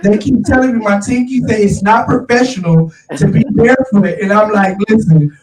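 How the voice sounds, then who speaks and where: A man hosting a casual chat, talking in an animated, slangy way and calling his listeners y'all. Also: high voice, moderate pace, far from the mic. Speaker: show host. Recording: roomy, off-mic sound.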